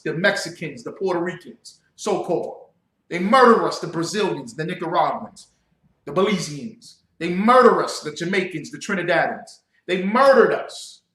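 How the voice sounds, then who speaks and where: High, lively, emphatic male preacher. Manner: emphatic, builds to shouting, speaks to the audience. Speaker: religious teacher. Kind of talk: livestreamed sermon. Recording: roomy echo.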